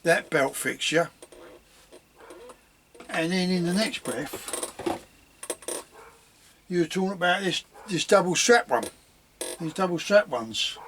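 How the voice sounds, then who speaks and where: Chatty man, a bit high. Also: lively intonation, slow pace, long pauses, fairly bright tone, a little hiss or hum. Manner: rambling, chatty, chuckles at himself. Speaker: leatherworking hobbyist. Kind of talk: casual workshop vlog.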